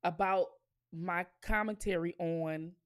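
A woman's voice: fairly low pitch, fairly even intonation, takes it slowly. A woman hosting her own commentary channel, talking straight to her viewers in a blunt, profane rant with lots of emphatic repetition.

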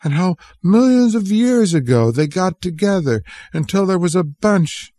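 A man's voice: high voice, expressive, a little slow, mellow, no echo, voice pushed up. A man reading a story aloud, voicing a frightened feverish young boy in a pleading, whimpering way. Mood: hesitant.

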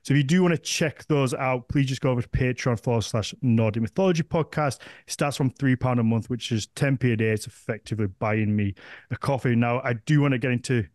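A man's voice: mid-range voice, brisk, a little mellow, no echo, clean studio sound. A man with a Northern English accent hosting a podcast, chatting casually and rambling with frequent restarts. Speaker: podcast host.

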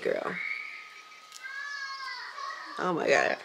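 A woman vlogging casually to her camera at home, gushing and excitable, with lots of ums and likes. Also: low voice, normal speed, very noisy. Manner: gushing and excitable, with many fillers. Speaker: small business owner and vlogger.

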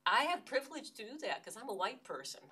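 An older American woman lectures in a university hall, earnest and emphatic, often restarting her phrases. Her voice is a little high with big pitch swings, fast, bright, forceful and slightly rough, and the recording is distant.

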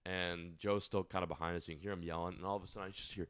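A man's voice: deep voice, rapid-fire. A young man co-hosting a podcast, telling a story in casual chat, swearing freely and acting out the people in it. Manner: animated, swearing, acts out voices of others. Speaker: podcast co-host.

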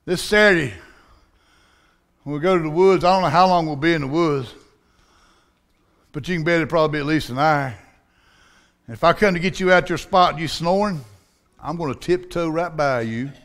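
A man's voice: a little high, moderate pace, long pauses, a bit bright. A man preaching a sermon with a Southern accent, in a folksy, down-home style. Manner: folksy, preaching with dialect and acted-out voices.

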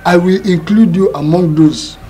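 A man's voice: sits high, moderate pace, warm tone, soft background music, natural voice. An actor as a broke, wheedling old Nigerian father. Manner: wheedling, self-pitying, rising to a whine. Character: boastful old father, broke and pleading, male. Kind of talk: Nollywood film acting.

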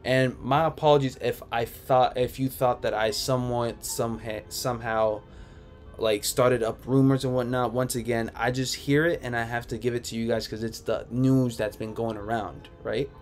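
A man's voice: medium pitch, fairly even intonation, moderate pace, faint music behind. A man hosting a casual livestream, reading viewer comments aloud and answering them in a laid-back, rambling way from home. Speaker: sneaker livestream host. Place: home room.

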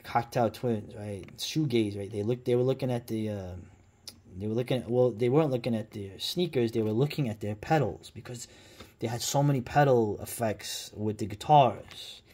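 Reacting to a documentary, this man chats loosely and sarcastically, often padding with fillers and restarting sentences. He has a mellow, medium-pitched voice and keeps a moderate pace.

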